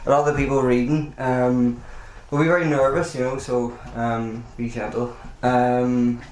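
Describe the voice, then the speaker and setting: A man with a mid-range, slightly mellow voice delivers flatly and without hurry, with a bit of hiss or hum on the recording. He's hosting a live poetry night in a bar function room, giving a casual introduction that's hesitant, apologetic, and full of ums, in an echoey room with crowd chatter.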